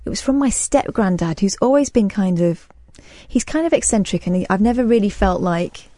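A woman's voice: medium pitch, expressive, brisk, dark tone, no echo, clean studio sound. A young woman from Britain co-hosting a late-night radio talk show, telling stories and teasing. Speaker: radio co-host.

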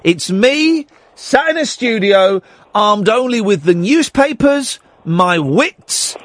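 A man's voice: high voice, very animated, slow pace, fairly bright tone, no room sound. A man hosting a phone-in radio show from a studio, chatting in a rambling way and breaking off his own points. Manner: rambling, chatty, self-interrupting. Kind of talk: late-night phone-in radio chat. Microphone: studio microphone.

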